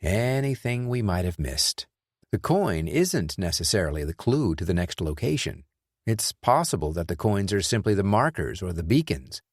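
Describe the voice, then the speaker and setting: A man's voice: deep voice, very animated, normal speed, dry recording, heavily acted. Man voicing a dry, wry tough guy. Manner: dry, sarcastic. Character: wry tough male ex-soldier.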